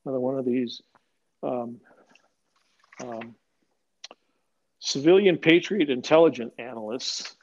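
A man's voice: mid-range voice, measured pace, pauses often, a little mellow, lo-fi sound. An older man, a retired police sergeant, telling stories bluntly and with profanity in an interview. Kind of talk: animated storytelling interview.

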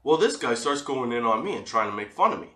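A man vlogging, telling a personal story in casual, profane, animated talk and laughing often. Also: mid-range voice, quick pace, echoey room.

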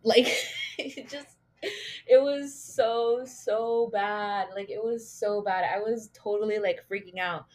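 A young woman with a mid-range, darkish voice hosts her own podcast. She rambles through a casual story, saying "like" constantly, swearing, and laughing at herself.

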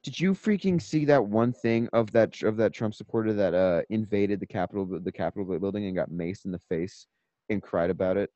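A young man co-hosting a podcast in casual chat, jokey and animated, often trailing off into a mutter. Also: lowish voice, fairly quick, dry recording, highs cut off. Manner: animated, jokey, drops to a mutter at line ends. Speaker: podcast co-host.

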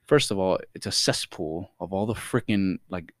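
A young man co-hosting a casual podcast, telling stories in an animated way, swearing freely and acting out what people said. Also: low-pitched, moderate pace, no room sound, studio quality. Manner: animated, swears a lot, acts out quotes. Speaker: podcast co-host. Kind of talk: casual storytelling chat.

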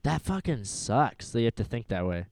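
A man's voice: mid-range voice, big pitch swings, moderate pace, gravelly, darkish tone, no room sound. A young man chatting casually as a co-host, rambling through crude, jokey stories. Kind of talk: casual chat.

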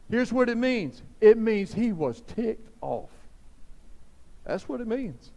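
High-voiced preacher in a reverberant hall. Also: male voice, a little mellow. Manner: fervent, exhorting, repeats phrases for emphasis. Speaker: pastor. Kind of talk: sermon. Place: large church hall.

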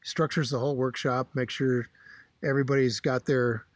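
A middle-aged man co-hosting a podcast, telling rambling stories in a casual, animated way. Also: mid-range voice, moderate pace, no echo. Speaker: podcast co-host. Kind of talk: casual chat.

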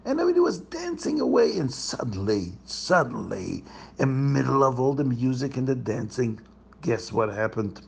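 Gravelly man telling a children's story. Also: medium pitch, moderate pace. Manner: animated, asks listeners questions.

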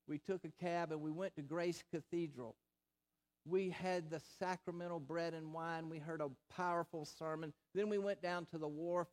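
A man with a high voice preaches a sermon, slow and deliberate. He leans on repeated phrases to drive home each point. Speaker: pastor.

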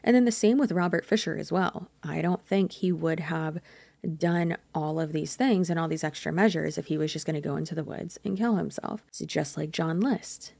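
A woman's voice: low-pitched, moderate pace, vocal fry, a little mellow, dry recording. A young adult woman hosting a true crime podcast, talking casually and speculating, often stopping to correct herself. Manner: chatty, speculative, self-correcting.

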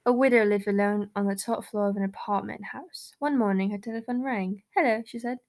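A woman's voice: mid-range voice, brisk. A young woman co-hosting a podcast, chatting and giggling, then reading a rhyme and a short story aloud. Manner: giggly, animated, reads rhymes and stories aloud. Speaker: podcast co-host. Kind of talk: casual chat and reading aloud.

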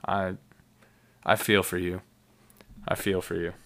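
A man's voice: sits low, level tone, takes it slowly, a bit bright. A man hosting a casual solo podcast, rambling enthusiastically with many fillers and restarts. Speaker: podcast host.

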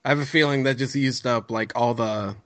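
A young man co-hosting a podcast, chatting about an anime in a relaxed, wry way with crude humor. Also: medium pitch, brisk, dry recording. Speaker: podcast co-host. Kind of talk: casual chat about an anime.

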